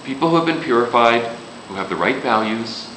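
A man's voice: mid-range voice, animated, fairly quick, fairly bright tone, a little hiss or hum. A man preaching a sermon in a casual, joking way, with sudden emphatic rises. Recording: echoey room with faint ambience.

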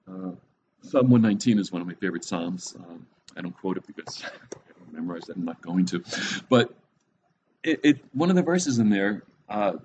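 A man's voice: medium pitch, a little mellow, muffled recording, a little hiss or hum. A middle-aged man giving a casual, conversational Bible teaching, thinking aloud with fillers and asides.

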